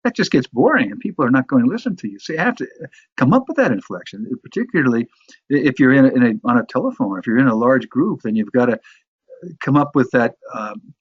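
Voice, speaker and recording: A man's voice: mid-range voice, very animated, quick pace, breathy edge, no room sound, lo-fi sound. A man from the New York area teaching a course on sales presentations, talking in a conversational way with frequent restarts and repeated words. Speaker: course instructor. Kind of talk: instructional talk on sales presentations.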